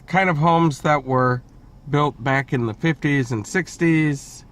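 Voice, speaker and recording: A man's voice: on the high side, slow pace, a bit bright. A man hosting a casual travel vlog, chatty and self-deprecating, with hesitant restarts, recorded on a camera mic while out and about. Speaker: travel vlogger host. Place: out and about in a city neighborhood and a bar.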